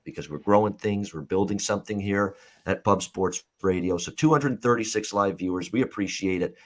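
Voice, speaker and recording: A man hosting a live sports betting talk show, talking in a loose, rambling way with many fillers and reading out viewer comments. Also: deep voice. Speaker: host.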